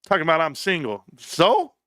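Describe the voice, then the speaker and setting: A man's voice: mid-range voice, lively intonation, normal speed, bright, forceful tone, no room sound, studio quality. A man in his thirties hosting a casual livestream, joking and slipping into bits of song. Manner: joking, breaks into singing. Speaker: livestream host.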